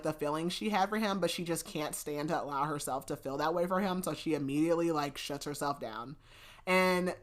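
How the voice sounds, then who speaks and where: Recapping a novel on her podcast, a woman with a lowish yet fairly bright voice keeps things casual and chatty. She giggles frequently and leans heavily on fillers, especially "like."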